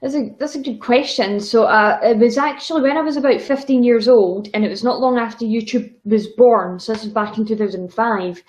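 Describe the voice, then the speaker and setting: A Scottish woman in her twenties, a vlogger chatting as an interview guest and telling stories in an animated way. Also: on the high side, poor audio. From Scotland. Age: 20s. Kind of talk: casual interview chat.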